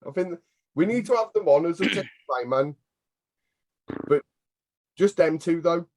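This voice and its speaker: A man's voice: on the high side, expressive, a little slow, a little mellow. A man co-hosting a wrestling review podcast, wry and teasing in casual chat. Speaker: podcast co-host.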